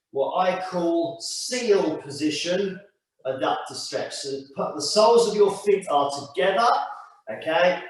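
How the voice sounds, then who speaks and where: A man leading a stretching class with slow, calm step-by-step cues. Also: a little high. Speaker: stretching instructor. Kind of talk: guided exercise class. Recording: echoey room, mic far off.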